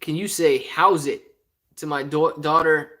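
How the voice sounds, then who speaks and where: A man's voice: a little high, steady tone, measured pace, fairly bright tone. A man from Ohio hosting a casual live stream, reading viewer comments aloud in a rambling, joking way and often laughing. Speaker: stock livestream host.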